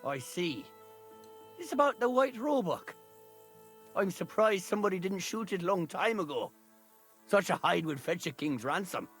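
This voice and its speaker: Sly Irish knacker. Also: male voice, high-pitched, very animated, moderate pace, long pauses, a bit bright, faint music behind, exaggerated voice. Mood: wary. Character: sly greedy male knacker villager, scheming.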